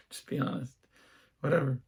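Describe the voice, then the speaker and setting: A man's voice: on the high side, a little mellow. A young adult man hosting a casual solo podcast, telling rambling stories and often stopping to restart his sentences. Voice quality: gravelly, husky. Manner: rambling, self-interrupting storyteller. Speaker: podcast host.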